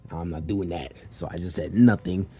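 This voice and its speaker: A man's voice: deep voice, moderate pace, mellow, husky, soft background music. A young man telling a personal story in a loose, casual way, swearing freely and filling gaps with "like" and "you know.". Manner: loose and profane, with many fillers.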